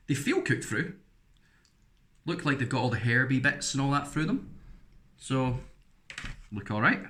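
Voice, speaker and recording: A man's voice: mid-range voice, pushed and bright, slight background noise. An English man giving a casual, frank food review, rambling through chatty asides as he tastes.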